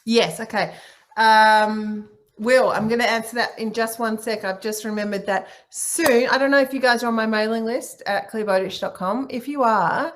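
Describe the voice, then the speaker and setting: A woman's voice: on the high side, steady tone, moderate pace. Encouraging woman on a video call. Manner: warm, encouraging, playful with her voice. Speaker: guest speaker, singer and author. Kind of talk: casual online talk answering questions.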